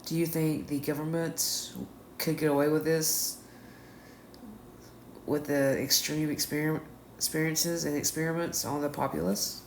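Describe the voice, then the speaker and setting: A woman reads her review notes in a monotone, list-like way. Her voice echoes around the room, with a faint hum of noise behind her. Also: low-pitched, unhurried, long pauses. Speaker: show reviewer. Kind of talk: reading review notes aloud.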